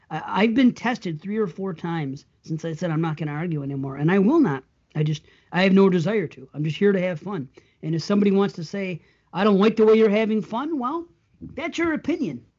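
A man's voice: high voice, a little mellow, slightly rough, muffled recording. A man co-hosting a podcast, telling stories in casual chat and laughing often. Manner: chatty storyteller, laughs often. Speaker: podcast co-host.

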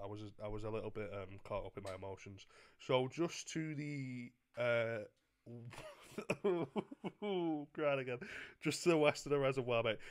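A young man making a prank phone call, stammering through a mock-earnest complaint full of slang. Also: medium pitch.

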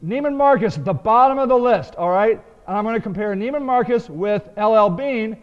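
A man's voice: sits high, expressive, fairly quick, smooth. A man hosting a web marketing show, talking emphatically about good and bad websites. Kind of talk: energetic video commentary. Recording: dull, roomy lo-fi web video audio.

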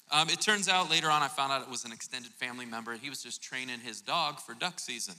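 A male pastor from Florida telling a lively, joking story during a sermon. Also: mid-range voice, quick pace, hardly any pauses. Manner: animated storytelling, jokey asides. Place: church auditorium. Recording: reverberant church hall.

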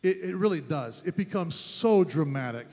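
A man preaching a sermon as pastor, emphatic, rising to loud fervent peaks. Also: fairly high pitch, expressive, moderate pace. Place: church sanctuary. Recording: long church reverb.

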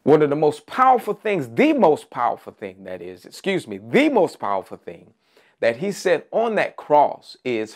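Male preacher, Easter sermon; emphatic, builds with repeated rising phrases, many "uh" fillers, mid-pitched voice. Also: sing-song, unhurried. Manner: frequent "uh" fillers.

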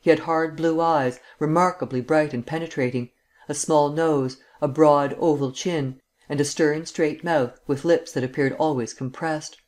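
A man's voice: fairly high pitch, fairly even intonation, moderate pace, darkish tone. Man narrating a classic mystery audiobook.

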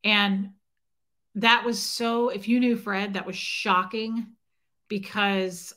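A woman hosting a livestream tells a personal story in a rambling, emotional way while greeting chat viewers by name. Her medium-pitched voice is bright and forceful, fitting the emotional, casual livestream talk.

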